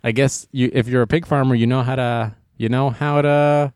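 A young man hosting a comedy news show, joking and rambling through stories with quick asides. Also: medium pitch, steady tone, a little mellow, smooth, dry recording, studio quality. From Boston area. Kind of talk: casual comedic news commentary.

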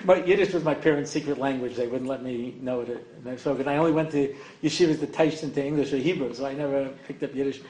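A man's voice: mid-range voice, fast, a little mellow. Older man lecturing in an echoey room. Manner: rambling and joking, heavy on "you know". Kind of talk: evening lecture to an audience. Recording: echoey room, faint ambience.

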